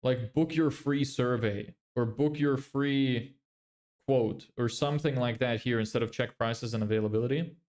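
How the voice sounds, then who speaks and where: A man's voice: medium pitch, normal speed, a little mellow. A man livestreaming his screen, muttering blunt critiques of websites in a casual, neutral-sounding accent. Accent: neutral, often heard as American. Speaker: business vlogger.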